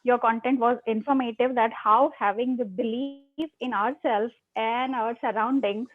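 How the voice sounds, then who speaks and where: A woman's voice: a little high, steady tone, measured pace. A woman giving an appreciative speech evaluation at a club meeting. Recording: tinny phone-like line.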